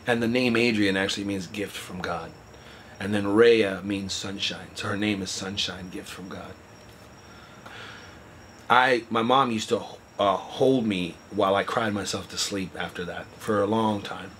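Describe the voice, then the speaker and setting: Guy with a lowish voice telling his own story, halting and earnest, kinda noisy recording with traffic hum. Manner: halting and earnest, often trailing off quietly. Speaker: interviewee telling a personal story. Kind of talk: candid personal account.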